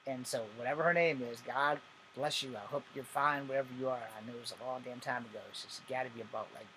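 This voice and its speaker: A man's voice: medium pitch, fairly even intonation, quick pace, background noise. A man in his forties telling a personal story casually, rambling, swearing freely and correcting himself as he goes. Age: 40s. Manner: profane, rambling, self-correcting.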